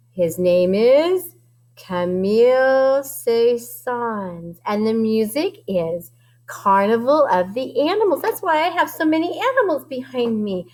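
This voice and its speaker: A woman music teacher leading young children, sing-song and animated, singing lines for them to echo in her classroom. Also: high voice.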